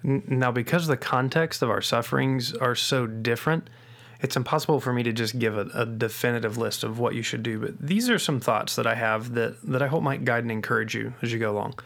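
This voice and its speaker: A middle-aged man hosting a faith-based parenting podcast, speaking earnestly, repeating key phrases slowly for emphasis and often restarting his sentences. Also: medium pitch, creaky, fairly bright tone. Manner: frequent restarts and doubled words. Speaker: podcast host.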